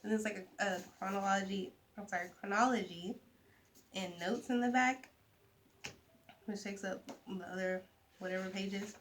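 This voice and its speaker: A young woman chatting casually to camera about books, animated, with soft asides. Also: medium pitch, moderate pace, pauses often, a little hiss or hum. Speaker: vlogger. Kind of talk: casual book chat to camera.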